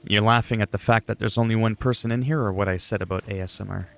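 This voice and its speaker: A man rambles casually on his game stream in a low voice with a gravelly, fry-laden texture. He is goofy and self-deprecating, drifting from one thought to the next. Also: fairly even intonation, quick pace, slight background noise. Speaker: gaming livestreamer. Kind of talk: casual livestream chat.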